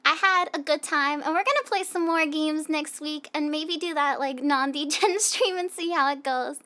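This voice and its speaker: In a hot room at home with faint music playing, a young American VTuber with a Southern accent rambles and giggles as she talks with viewers at the close of her stream. Her voice sits high, bright and pushed, at a moderate pace.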